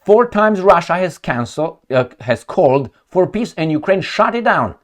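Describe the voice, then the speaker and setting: A man's voice: high voice, very animated, normal speed. A man commenting on news headlines with heated sarcasm, rhetorical questions and frequent profanity. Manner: mocking retorts and rhetorical questions. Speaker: political commentator.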